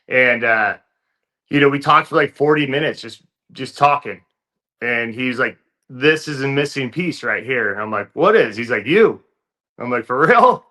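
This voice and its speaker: Guy telling a story in an interview, bright tense voice, laid back, lots of "you know". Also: medium pitch. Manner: relaxed, filler-heavy storytelling. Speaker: interview guest, fighter turned actor.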